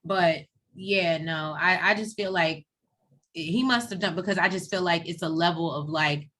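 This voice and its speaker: A woman's voice: lowish voice, normal speed. A woman co-hosting a casual TV recap, retelling scenes in a chatty way and acting out the people in them. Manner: chatty, animated retelling with quoted voices. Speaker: co-host of a TV recap show.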